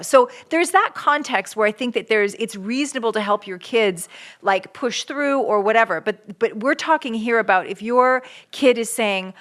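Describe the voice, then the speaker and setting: A middle-aged woman from Canada co-hosting a parenting podcast, talking casually and acting out quoted voices with big jumps in pitch. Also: moderate pace, a bit bright. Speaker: podcast co-host.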